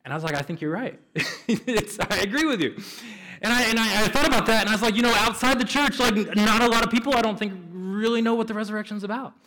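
A man's voice: high-pitched, quick pace, pushed and bright, rough recording. A man preaching an Easter sermon as pastor in a church, casual and chatty with lots of fillers and restarts. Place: church sanctuary.

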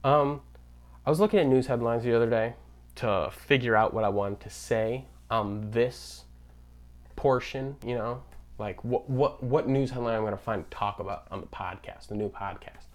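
A man's voice: medium pitch, normal speed. A young man hosting a podcast in a sarcastic, ranting comedic monologue. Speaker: podcast host.

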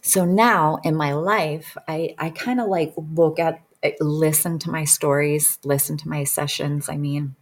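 Woman, low husky voice, casual earnest storyteller who sinks to a whisper. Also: fairly even intonation, a little slow, hardly any pauses. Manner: earnest and emotional, often dropping to a soft whisper. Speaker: guest recounting a regression session.

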